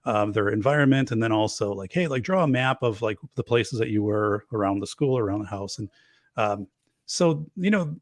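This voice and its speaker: An earnest man guest talks through his ideas at a middle pitch, stopping often for ums and restarts. His voice is recorded dry and close, with no room sound. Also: no room sound. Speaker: guest safety expert. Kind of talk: casual chat.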